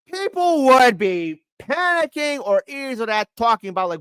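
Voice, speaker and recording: A man co-hosting a political podcast chat, his fairly high voice swooping with lively expression as he acts out quoted voices. He talks in bursts with frequent restarts. The sound is dry and close, with no room echo. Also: a little fast, few pauses, clean tone. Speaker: guest co-host.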